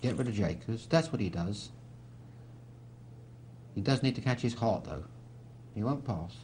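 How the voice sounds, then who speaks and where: Talk the hands through like a poker commentator. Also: male voice, fairly low pitch, animated, measured pace, a little mellow, slight background noise. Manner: chatty, dry teasing asides.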